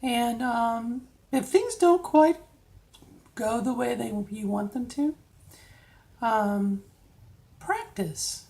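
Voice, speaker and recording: A woman's voice: on the high side, very slow, long pauses, mellow. A middle-aged woman casually coaching viewers through voice drills, checking in with frequent "okay?"s. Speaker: vlogger giving voice training tips. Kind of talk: casual instructional vlog.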